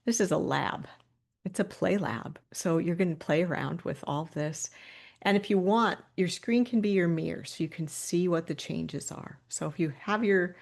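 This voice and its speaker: A woman leads a guided body-awareness session over a video call, her voice sitting low with a gravelly, fry-edged texture. She talks in a calm, inviting way and laughs lightly between her cues. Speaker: webinar presenter.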